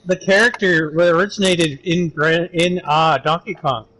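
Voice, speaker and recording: A man's voice: fairly high pitch, fairly even intonation, unhurried, fairly bright tone, low-quality recording. A man chatting on a gaming stream, rambling through long explanations over voice chat. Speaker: streaming guest.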